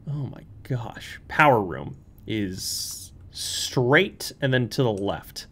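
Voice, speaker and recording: A man's voice: mid-range voice, expressive, takes it slowly, fairly bright tone, slightly rough. Jumpy young man narrating a horror game. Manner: jumpy, nervous and chatty, muttering to himself with squeals and laughs. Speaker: let's play streamer. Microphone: studio microphone.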